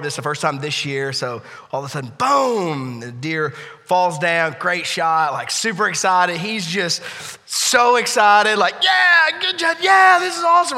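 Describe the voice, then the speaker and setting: A man in his thirties preaching a sermon in a church, telling a story that shifts between hushed and loud. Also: fairly high pitch. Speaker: pastor. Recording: echoey church hall.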